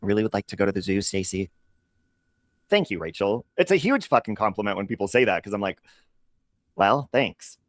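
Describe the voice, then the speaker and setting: Animated, profane male livestream host. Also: lowish voice, fast, no echo. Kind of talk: casual livestream chat.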